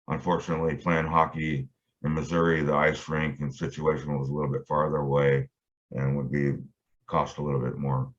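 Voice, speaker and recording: A middle-aged man, a guitarist being interviewed, telling a long story in a rambling way with lots of fillers and restarts. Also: rumbling low. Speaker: guitarist guest. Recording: dull lo-fi audio.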